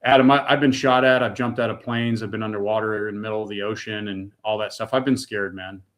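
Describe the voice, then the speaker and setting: A man's voice: on the low side, fairly even intonation, fast, fairly bright tone. A middle-aged man from the United States giving an emotional personal testimony, earnest and raw, repeating words when moved. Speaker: guest.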